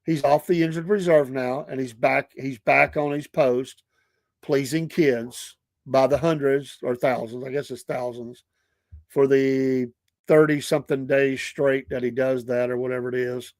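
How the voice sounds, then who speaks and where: A man's voice: medium pitch, unhurried, no room sound. A middle-aged man with a Southern US accent, hosting a casual talk show and telling stories with laughter and acted-out voices. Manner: animated, laughing storyteller who acts out quoted voices. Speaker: podcast host. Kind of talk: casual storytelling chat.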